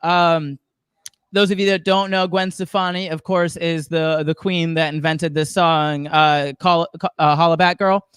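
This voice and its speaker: Guy from the south doing stand-up, high voice, dry close sound, keeps laughing at his own bits. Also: little pitch movement, measured pace, a bit bright, clean tone, no room sound. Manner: rambling, chuckles at his own jokes. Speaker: stand-up comedian. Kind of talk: stand-up comedy set. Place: comedy show studio.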